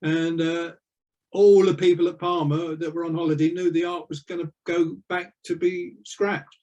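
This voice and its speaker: A man's voice: a little high, flat delivery, normal speed, a little mellow, lo-fi sound. An older man, a retired navy veteran, telling rambling anecdotes with lots of fillers in an interview. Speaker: interview guest. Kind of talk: casual storytelling.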